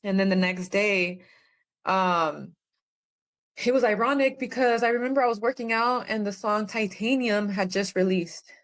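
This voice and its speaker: A woman's voice: mid-range voice, moderate pace. A woman, a guest on a podcast, telling her own story in a rambling, earnest way with many fillers. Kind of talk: personal testimony in conversation.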